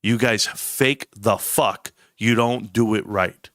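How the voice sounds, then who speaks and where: A man's voice: fairly low pitch, steady tone, takes it slowly, fairly bright tone, no echo, studio quality. A middle-aged man hosting a livestream, blunt and rambling, often breaking off mid-sentence. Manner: blunt, rambling, self-interrupting. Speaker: stock livestream host. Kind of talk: casual livestream commentary.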